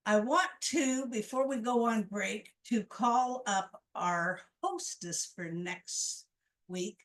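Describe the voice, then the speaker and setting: A woman's voice: medium pitch, takes it slowly, fairly bright tone. A woman hosting a storytelling program, speaking with enthusiasm as she introduces the next speaker. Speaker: program host. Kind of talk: event hosting announcements.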